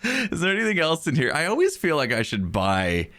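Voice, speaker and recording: A man's voice: fairly high pitch, huge pitch swings, fairly quick, fairly bright tone. A young man giving cheerful, chatty commentary while playing a video game, laughing often. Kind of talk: let's play commentary.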